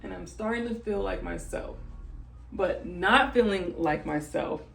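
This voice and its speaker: Candid young woman with a gravelly voice. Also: mid-range voice, measured pace, fairly bright tone, soft background music, low-quality recording. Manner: tearful, laughing through tears, candid. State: crying. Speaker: vlogger. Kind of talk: emotional personal vlog.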